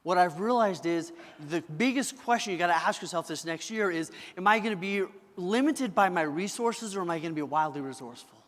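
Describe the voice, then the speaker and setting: A high-voiced man delivers a motivational keynote in a big hall, his speech ringing with long reverb. He is bright and forceful, punching each point and pressing the audience to answer him back. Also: animated, a little fast, few pauses. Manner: emphatic, asks the crowd for answers. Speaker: motivational speaker. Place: large event hall.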